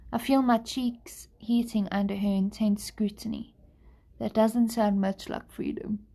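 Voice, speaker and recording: A woman's voice: fairly high pitch, fairly even intonation, unhurried, mellow. A tired young woman reading a novel aloud on a live stream, breaking off now and then to chat and apologize. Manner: apologetic, laid-back. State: tired, yawning. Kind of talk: live book reading with chatty asides.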